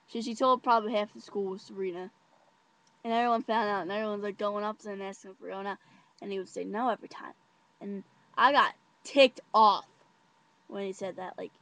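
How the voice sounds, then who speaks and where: A woman's voice: medium pitch, fairly bright tone. A teenage girl telling a story to camera in a casual, chatty way, full of fillers and giggles. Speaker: vlogger.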